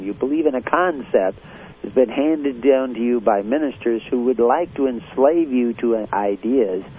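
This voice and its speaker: Male preacher, lowish voice, blunt and confrontational, tinny phone-like radio audio with faint hiss. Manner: blunt, confrontational, with many uh fillers. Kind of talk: radio sermon.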